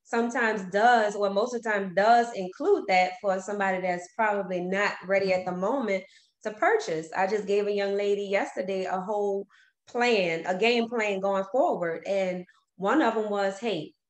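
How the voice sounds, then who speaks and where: A woman's voice: medium pitch, normal speed, reverberant. A woman, co-hosting a mortgage radio show, talking in a down-to-earth way and telling stories about her clients. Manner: down-to-earth, tells client stories, laughs easily. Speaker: mortgage lender and co-host. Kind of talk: conversational radio show talk.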